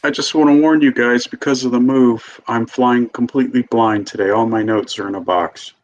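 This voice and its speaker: A man's voice: mid-range voice, steady tone, moderate pace. A man speaking plainly to fellow players over voice chat before a game. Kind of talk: casual chat. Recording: dull lo-fi voice chat mic.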